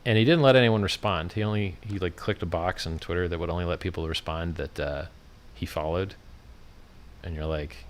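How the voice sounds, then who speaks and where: A man with a fairly low voice hosts a casual livestream. He talks in a brash, mocking manner and rants at his targets. His commentary is loose and off-the-cuff. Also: brisk, a little hiss or hum. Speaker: livestream host.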